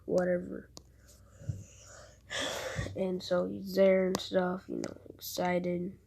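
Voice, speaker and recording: A woman's voice: fairly low pitch, monotone, slow, creaky, warm tone, slight background noise. A woman casually retelling an invented fan story, rambling through events and recounting dialogue with "he's like", often dropping to a near whisper.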